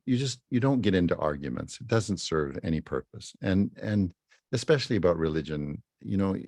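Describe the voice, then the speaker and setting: Older man, 70s, from Saskatchewan, very low voice, dry close sound, self-mocking storyteller, frequent chuckles. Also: lively intonation, brisk, a little mellow, no room sound. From Saskatchewan, Canada. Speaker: musician and speaker. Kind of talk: storytelling talk at a fireside gathering.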